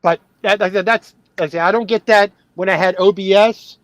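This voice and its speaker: Through a headset, a truck-driving man chats on a casual livestream from his cab, scattered and repetitive, quick to laugh. His high-pitched voice is brisk with fairly even intonation, and the recording is dry and low in quality.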